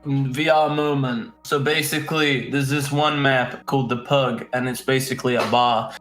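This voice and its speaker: A man's voice: medium pitch, fairly even intonation, normal speed, fairly bright tone, soft background music. A man co-hosting a podcast, telling drawling anecdotes in casual chat. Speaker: podcast co-host. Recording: roomy, echoey mic.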